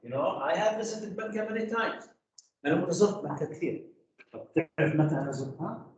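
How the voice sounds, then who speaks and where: A man's voice: high-pitched, animated, racing, darkish tone, recorded from a distance, highs cut off. Echoey man teaching grammar to a class. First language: Arabic. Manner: asks the class rhetorical questions, many "you know" fillers. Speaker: English teacher. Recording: echoey classroom taped from afar.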